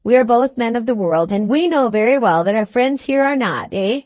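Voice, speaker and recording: A woman's voice: on the high side, lively intonation, normal speed, darkish tone, no room sound, lo-fi sound, lightly acted. Woman doing a fussy wheedling little lawyer. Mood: coaxing. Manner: wheedling, keeps saying "my dear sir". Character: fussy little male attorney, ingratiating.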